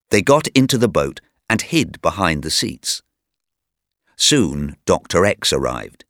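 A man narrating a scripted story for learners, reading slowly and clearly. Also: low voice, fairly bright tone, dry recording, clean studio sound.

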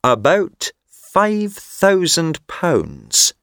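A man voicing a smooth-talking male con man who is persuasive and sly, confiding and sometimes hushed, in a textbook listening story. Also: a little high, huge pitch swings, very slow, no echo, clean studio sound, pitched above the performer's own voice, heavily acted. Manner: confiding, turns hushed and secretive.

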